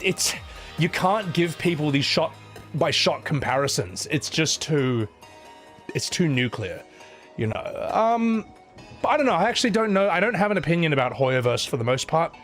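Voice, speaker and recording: A man chatting casually on a live stream, reading out viewer messages and answering them with sarcastic, swearing rants. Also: a little high. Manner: animated, sarcastic, swears, says "man" a lot. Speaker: streamer reading super chats.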